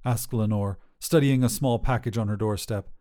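A man narrating a flash fiction podcast and reading its outro, in a lively storytelling delivery. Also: fairly low pitch, normal speed. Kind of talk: scripted narration.

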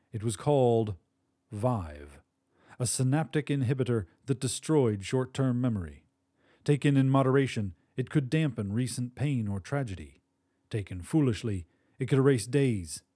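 A man reading a story aloud in a steady, measured scripted narration. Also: mid-range voice, dry recording, clean studio sound.

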